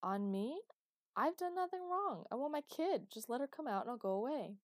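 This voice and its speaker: Brief: determined dad, protective and pushy, read by a woman, clear and close. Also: medium pitch, normal speed, dark tone, no room sound, natural voice. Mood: insistent, angry. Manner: urgent and insistent. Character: protective father, worried then furious.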